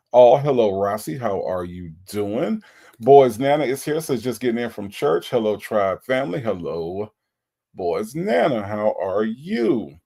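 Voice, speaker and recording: Laid-back man with a gravelly voice. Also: mid-range voice, warm tone. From Florida. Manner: laid-back, chatty, repeats himself, playful. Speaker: livestream host. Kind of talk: casual livestream chat reading viewer comments.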